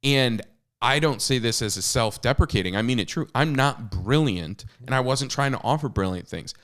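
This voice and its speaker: A man in his thirties uses a mid-range voice with lively intonation, normal pace and a fairly bright tone. The podcast co-host and author shares candid, self-mocking stories in casual talk, often restarting and using lots of fillers.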